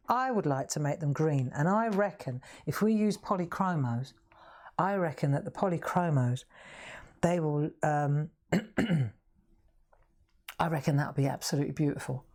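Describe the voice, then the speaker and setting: A woman's voice: deep voice, a little mellow. A middle-aged woman with a Southern English accent, hosting a live craft demonstration in a chatty, self-mocking way and laughing often. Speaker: craft show host. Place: craft room.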